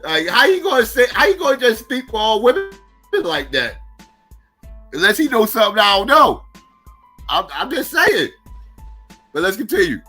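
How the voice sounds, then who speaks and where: High, bright-voiced man mocking on a stream. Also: big pitch swings, moderate pace, long pauses, husky, soft background music. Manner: profane, mocking rhetorical questions. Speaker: livestream host. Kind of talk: live reaction commentary.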